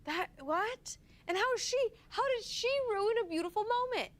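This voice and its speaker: A woman's voice: extremely high pitch, lively intonation, moderate pace. A woman chatting casually, playful and incredulous. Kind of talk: casual chat.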